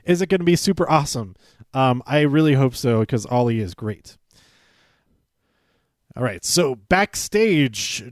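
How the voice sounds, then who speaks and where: A man's voice: mid-range voice, a little mellow, dry recording, studio quality. A male podcast host chatting casually through a show recap, chuckling and stumbling over his words as he goes. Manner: chatty, self-interrupting, chuckles often; acts out quoted lines in livelier voices.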